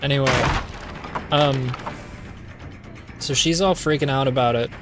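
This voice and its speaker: A man with a mid-range, unhurried voice talks over music. He's a streamer chatting casually during gameplay, retelling a story in a rambling, playful way packed with fillers.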